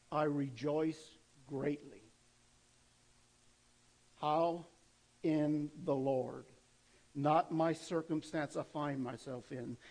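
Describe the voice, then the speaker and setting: A man's voice: on the high side, a little mellow, low-quality recording. A man preaching a sermon in an earnest, conversational way, asking rhetorical questions of his listeners. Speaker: pastor.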